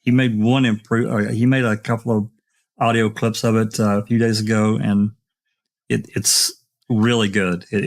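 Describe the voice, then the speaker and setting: A man hosting an online open mic discussion, talking casually with many fillers and restarts. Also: fairly low pitch. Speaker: podcast host.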